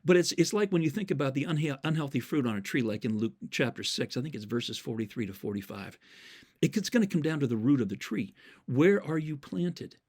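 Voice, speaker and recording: An earnest man delivers a sermon-style message at an ordinary mid pitch. He repeats key words for emphasis and quotes scripture verses from memory as he tells stories. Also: lively intonation, fairly quick, a little mellow, breathy edge. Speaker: Christian speaker.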